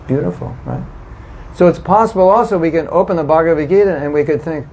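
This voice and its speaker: A man leads an informal devotional class for a live audience, his fairly high voice steady, fairly quick and a little mellow, though the recording is rough. He's a spiritual teacher who keeps things chatty and emphatic, repeating points for stress and often putting questions to his listeners.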